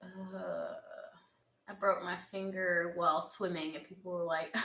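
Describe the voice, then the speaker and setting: A woman's voice: medium pitch, steady tone, normal speed, sharp tone. A young woman answers fan questions in an earnest, heartfelt casual chat, with laughs along the way. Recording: echoey room.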